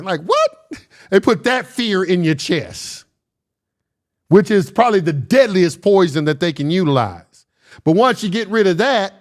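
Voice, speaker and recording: A man giving casual commentary, reading verses aloud and arguing bluntly and emphatically, often laughing. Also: high voice. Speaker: commentator reading and discussing scripture.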